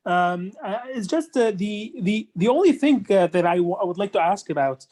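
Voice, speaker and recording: Woman in an online class asking about her puppy, hesitant, keeps restarting, mid-pitched voice. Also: expressive, normal speed, dark tone. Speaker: class participant asking a question. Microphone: video call.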